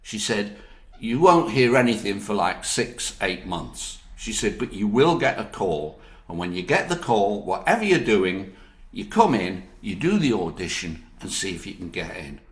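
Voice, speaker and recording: An older man with a Northern English accent speaks at a fairly low pitch and normal speed. He's an actor telling anecdotes in an interview, lively and laughing often, acting out what others said in their own voices. The recording has a roomy echo.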